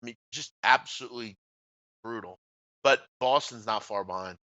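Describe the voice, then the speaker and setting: In casual sports radio banter, a male co-host talks trash bluntly and tends to trail off at the ends of phrases. His medium-pitched voice is bright and forceful, at a normal speed. There's no room sound, and the highs are cut off.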